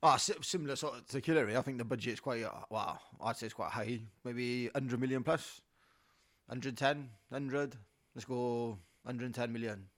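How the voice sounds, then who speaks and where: Blunt slangy co-host. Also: male voice, medium pitch, moderate pace, no echo. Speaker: podcast co-host. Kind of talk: casual podcast chat.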